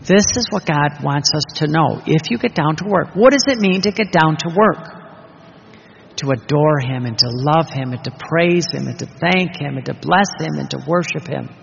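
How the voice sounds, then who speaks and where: A gravelly, fairly high-voiced man preaches with emphasis, throwing out rhetorical questions. His voice rings through a long-reverb hall on a dull, muffled recording with a faint hiss beneath. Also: normal speed, a bit bright. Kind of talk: sermon.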